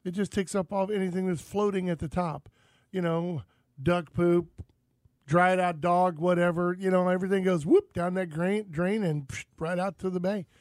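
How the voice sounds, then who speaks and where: A man's voice: sits high, fairly even intonation, normal speed, a little mellow, no room sound. A man from Florida hosting a casual outdoors radio talk show, rambling and folksy as he talks over his co-hosts. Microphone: studio microphone.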